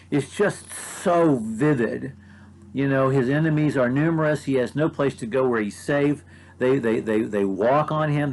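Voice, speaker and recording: A man with an American accent giving a short devotional talk as a preacher. He reads scripture aloud and reflects on it earnestly, slowing down to stress key phrases and often restarting his sentences. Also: medium pitch, rough recording. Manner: earnest, with frequent restarts and repeated words.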